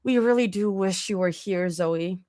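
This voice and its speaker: A woman's voice: mid-range voice, moderate pace, a little mellow, no echo, clean studio sound, natural voice. A woman voicing a sweet, slightly tired young woman in a fanfic reading. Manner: sweet, a bit shy.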